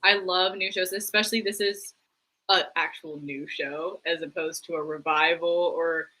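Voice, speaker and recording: A young woman co-hosting a live stream, chatting casually about theater news, full of "like" and quick laughs. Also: lowish voice, steady tone, sharp tone, low-quality recording. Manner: chatty, lots of "like", laughs easily. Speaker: co-host.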